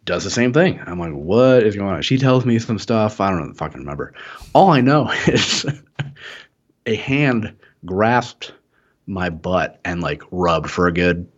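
A man's voice: low-pitched, animated, measured pace. A young man spins a long tale on a casual podcast. He rambles, swears freely and laughs often. The recording sounds slightly muffled and lo-fi. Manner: rambling, profane, laughing storyteller. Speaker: podcast co-host. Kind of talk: casual storytelling chat.

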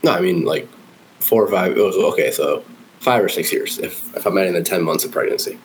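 Easygoing man with a very deep voice. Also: a little fast, slight background noise, poor audio. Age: 20s. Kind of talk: casual chat.

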